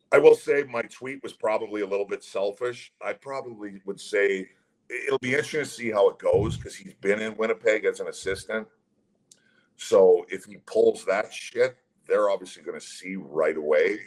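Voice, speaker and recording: A middle-aged former hockey player speaks in a deep voice with a rough, husky edge. He talks bluntly and swears freely as he recounts grievances in a casual interview. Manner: blunt, profane, heated storytelling.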